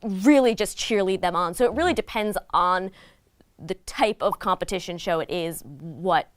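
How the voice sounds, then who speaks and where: A woman's voice: lowish voice, moderate pace, no echo. A woman chatting casually as a commentator, opinionated and loose, with lots of "like" and "you know". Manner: chatty and opinionated, with frequent fillers. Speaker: guest commentator on reality TV. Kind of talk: casual chat.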